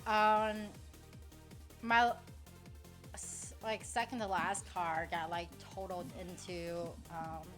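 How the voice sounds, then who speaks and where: A woman's voice: lowish voice, fairly even intonation, slow, pauses often, a bit bright, soft background music. A young woman streamer chatting casually while playing online poker, rambling, swearing freely and laughing often.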